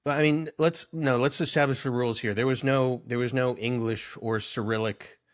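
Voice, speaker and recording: A man's voice: medium pitch, normal speed. Rambling, amused man in his thirties. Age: 30s. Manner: rambling storyteller, amused and animated. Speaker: podcast co-host. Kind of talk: casual chat.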